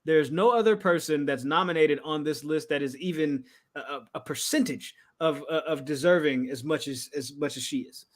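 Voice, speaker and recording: A man co-hosting a podcast, chatting casually. His voice sits a little high, and his talk is loose and slangy, with quick laughs. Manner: laid-back slangy banter, quick laughs. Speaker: podcast co-host. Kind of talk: casual chat.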